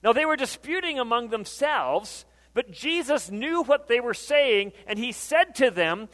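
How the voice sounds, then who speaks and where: Male preacher, high voice, casual but emphatic sermon, long hall reverb. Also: very animated, moderate pace, hardly any pauses, fairly bright tone. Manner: conversational, emphatic, reads scripture aloud, repeats phrases.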